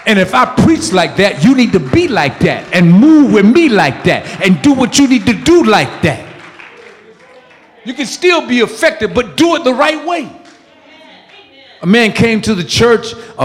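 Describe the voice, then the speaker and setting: Casting: male pastor, high tenor, emphatic call-and-response sermon, long church-hall echo. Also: sing-song, moderate pace, hardly any pauses. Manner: emphatic, call-and-response preaching with sudden loud peaks.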